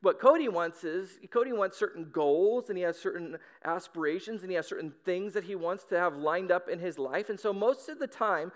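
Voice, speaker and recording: A man preaching a sermon in an animated, conversational way, acting out little voices for comic effect. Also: high voice, normal speed, hardly any pauses. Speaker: pastor.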